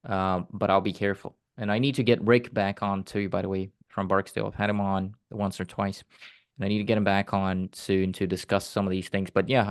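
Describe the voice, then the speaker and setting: A man's voice: lowish voice, dry recording, studio quality. A man hosting an interview, chatting casually in a rambling way before bringing in his guest. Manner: rambling, with fillers and restarts. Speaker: interview host.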